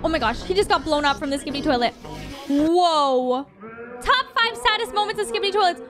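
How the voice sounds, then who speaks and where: A young woman hosting a reaction video, gasping and gushing with quick exclamations as she comments on animations. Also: very high voice, lively intonation, over music.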